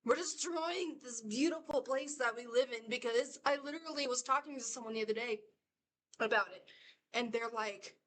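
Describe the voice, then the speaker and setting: A woman's voice: fairly high pitch, moderate pace, fairly bright tone, a little hiss or hum. A woman rambling through a casual reaction video, laughing often and circling back on her points. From United States. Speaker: reaction vlogger.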